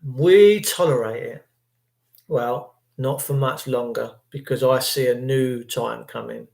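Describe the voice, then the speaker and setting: A man's voice: medium pitch, slow, vocal fry, darkish tone, reverberant. An older man hosting a livestream, talking in an impassioned, rambling and preachy way, sometimes tripping over words. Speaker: livestream host.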